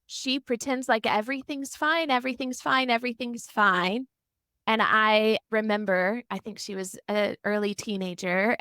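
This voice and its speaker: A middle-aged woman therapist, a guest on a podcast interview, telling stories and acting out the quotes with lively animation. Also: medium pitch, no room sound, clean studio sound. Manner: animated storytelling, acts out quotes. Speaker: family and marriage therapist, guest.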